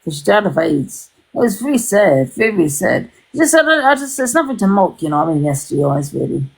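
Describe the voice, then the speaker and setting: A woman's voice: fairly low pitch, very animated, brisk, gravelly, breathy edge, low-quality recording. A woman hosting a casual livestream chat, rambling and swearing freely, with many restarts.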